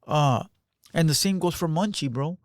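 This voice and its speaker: A man's voice: a little high, moderate pace. A man giving casual reaction commentary in loose, emphatic street slang, peppered with "bro".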